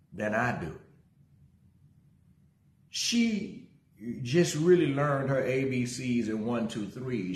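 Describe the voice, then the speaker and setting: A middle-aged male pastor giving a casual livestream sermon. He talks energetically, greets viewers by name and tells a story from his own life. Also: medium pitch. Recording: roomy echo.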